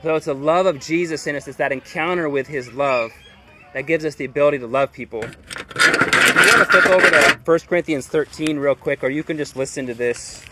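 A man's voice: fairly high pitch, brisk, sharp tone, slight background noise. A man preaching a sermon in a loose, chatty way, full of "like" and "dude". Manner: informal and chatty, heavy use of "like" and "dude". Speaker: pastor. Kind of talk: casual conversational sermon.

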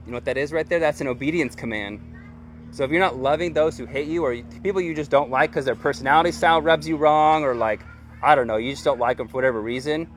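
A man preaching a sermon as pastor, earnest and conversational, with casual slang. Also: mid-range voice.

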